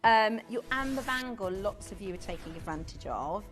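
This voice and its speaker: Shopping-channel presenter: woman, bubbly chatty delivery, very animated pitch, faint music bed. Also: moderate pace. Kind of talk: live TV shopping chat. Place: TV studio.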